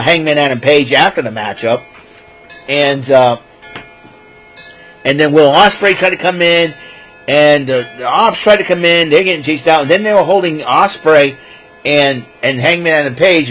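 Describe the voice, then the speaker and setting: Rambling husky-voiced man recapping wrestling. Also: a little high. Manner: rambling, many fillers and restarts.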